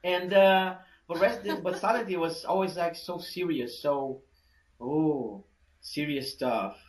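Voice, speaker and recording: Man, fairly high voice, casual podcast chat, rambling, lots of restarts and fillers. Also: normal speed, low-quality recording. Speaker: podcast co-host.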